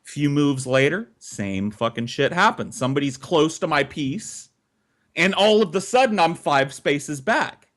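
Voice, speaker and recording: Co-hosting a podcast, a man with a higher voice speaks a little slowly. He swears a lot while animatedly telling a lengthy, casual story.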